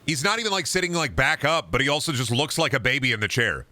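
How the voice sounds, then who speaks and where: A male streamer with a bright, sharp voice rants and jokes with his chat while he plays. His talk is loose, full of swearing and running riffs. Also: mid-range voice, animated, fast talker. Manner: profane, ranting, riffs with chat. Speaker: streamer playing a video game. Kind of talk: casual gaming stream chatter.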